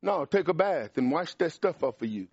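A man preaching a sermon in an emphatic, animated way, pushing up in pitch and volume on key points. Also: normal speed, husky, dry recording. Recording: dry, dull lo-fi sound.

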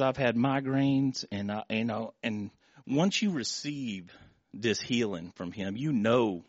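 A middle-aged man giving an emotional, halting testimony before a congregation, often repeating words and restarting his sentences. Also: mid-range voice, no echo, lo-fi sound. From Florida. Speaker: church member giving testimony.

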